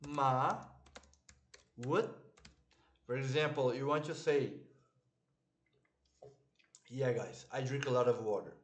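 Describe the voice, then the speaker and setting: Slow, patient male Hebrew teacher. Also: medium pitch. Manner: slow, patient, repeats words for students, clears throat often. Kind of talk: online language lesson.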